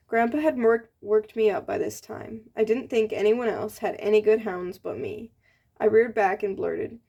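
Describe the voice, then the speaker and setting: A woman reading a novel aloud in a gentle, plain storybook manner, giving the characters light voices. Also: mid-range voice, normal speed, vocal fry. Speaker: audiobook reader.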